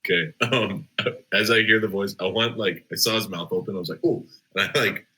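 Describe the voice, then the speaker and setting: A man's voice: on the low side, brisk, bright, forceful tone, husky, poor audio. A man taking his turn as a player in a tabletop game, casual and hesitant, with many fillers.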